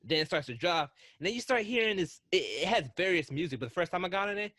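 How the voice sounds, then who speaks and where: A man co-hosting a casual podcast, telling excitable, rambling stories with frequent restarts. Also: high voice, fast, no echo, clean studio sound. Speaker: podcast co-host.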